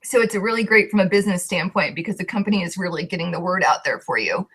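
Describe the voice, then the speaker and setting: A woman's voice: lowish voice, fast talker, a bit bright, slightly rough. Emotional young woman sharing her story. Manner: heartfelt, voice shaking with emotion. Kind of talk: emotional personal testimony.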